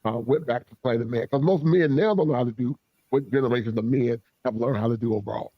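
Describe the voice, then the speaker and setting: A man's voice: medium pitch, fast talker, no echo, dull audio. A man hosting an interview, asking long questions and affirming his guest often. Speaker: host, interviewer. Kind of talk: casual conversational interview.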